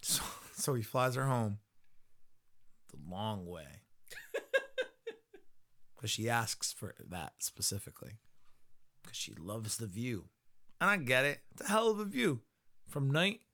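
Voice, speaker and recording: A man hosting a podcast, giving a profane, animated comedic episode recap and laughing often. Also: mid-range voice. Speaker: podcast host.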